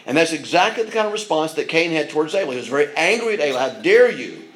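A man's voice: fairly high pitch, lively intonation, rapid-fire, fairly bright tone, rough recording. A man preaching a sermon in an earnest manner, with frequent restarts and asides. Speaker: pastor.

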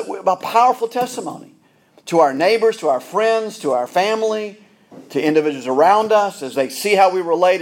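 A middle-aged man preaches to his congregation in a somewhat high voice. He is earnest and often doubles back, repeating a word before he finds the rest of his sentence. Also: a little mellow. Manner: earnest, repeats words and restarts phrases. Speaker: pastor. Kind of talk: sermon.

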